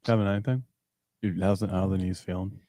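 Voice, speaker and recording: A man chatting casually on a sports show, relaxed, with short interjections. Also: low-pitched, a little fast. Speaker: co-host. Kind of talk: casual chat.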